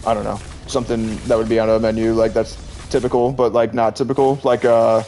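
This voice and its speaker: A man's voice: fairly low pitch, flat delivery, fairly quick, dark tone. A man streaming live, chatting casually and rambling with lots of "like" and frequent laughter while he plays a game. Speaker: Twitch streamer. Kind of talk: casual chat while gaming.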